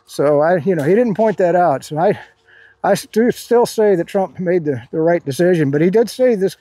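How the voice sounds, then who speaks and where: A man's voice: sits high, expressive, moderate pace, mellow, breathy edge, no echo. A man chatting casually to his viewers in a loose, rambling way, full of fillers and restarts. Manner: rambling, hesitant, lots of fillers. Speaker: video creator.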